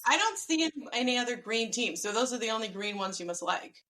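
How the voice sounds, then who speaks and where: Bright-voiced chatty woman talking football. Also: a little high, lively intonation, quick pace, poor audio. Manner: chatty, lots of "like". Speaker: podcast co-host. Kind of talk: casual sports chat.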